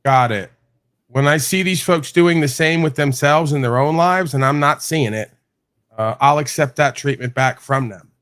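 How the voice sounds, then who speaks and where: Brief: sarcastic man in heated panel, bright tense tone, slightly raised pitch. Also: moderate pace, smooth, dry recording. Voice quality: sarcastic, combative. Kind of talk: heated online panel chat.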